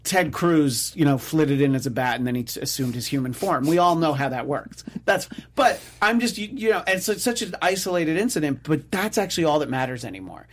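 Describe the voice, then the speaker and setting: A man's voice: a little high, expressive, fairly quick, hardly any pauses, a little hiss or hum. Male co-host, casual political talk, wry and sarcastic, lots of fillers and restarts.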